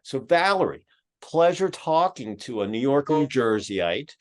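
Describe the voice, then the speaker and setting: A man's voice: medium pitch, big pitch swings, unhurried. A man from Philadelphia with a Philadelphia accent, hosting a podcast and talking casually over a video call, rambling with plenty of fillers. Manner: rambling, filler-heavy, folksy. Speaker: podcast host. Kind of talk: casual closing remarks. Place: home in Georgia, on a video call.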